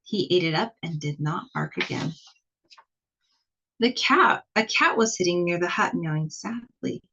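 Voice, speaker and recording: A woman with a husky, fairly low voice reads a children's picture book aloud. She tells it slowly and expressively, leaning into the scary parts. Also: lo-fi sound. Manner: expressive, slow storytelling. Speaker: storybook reader.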